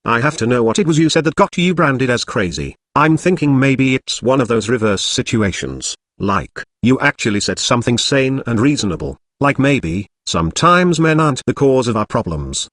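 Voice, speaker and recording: A man's voice: mid-range voice, very animated, normal speed, few pauses, a bit bright, no room sound, clean studio sound. A man with an English accent delivering a scripted, sarcastic, mocking opinion rant as a vlogger.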